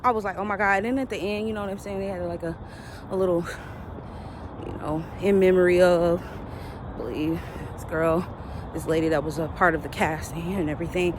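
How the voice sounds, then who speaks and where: A woman talking through a casual, emotional TV episode recap, shrieking at big moments and dropping to quiet murmurs at sad ones. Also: fairly low pitch, brisk, pauses often. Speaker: TV recap vlogger. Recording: steady background traffic noise.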